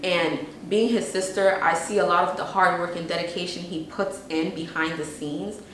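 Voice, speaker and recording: A woman's voice: fairly low pitch, fairly even intonation, normal speed, fairly bright tone, recorded from a distance. Young woman, echoey documentary interview. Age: young adult. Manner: casual and earnest, with frequent "you know what I'm saying". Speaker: entrepreneur interviewee. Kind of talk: documentary interview, candid talk. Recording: very echoey room, faint background noise.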